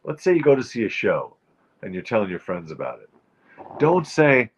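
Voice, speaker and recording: A man's voice: fairly low pitch, huge pitch swings, normal speed, dull audio, a little hiss or hum. A man hosting a show, delivering a wry, emphatic comic rant about turns of phrase. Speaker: show host. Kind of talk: comic monologue.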